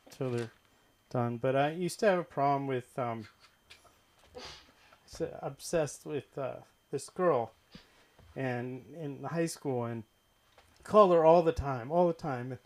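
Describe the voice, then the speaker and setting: A man from Boston doing open mic stand-up, halting and hesitant with deadpan punchlines, on a comedy club stage mic. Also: medium pitch.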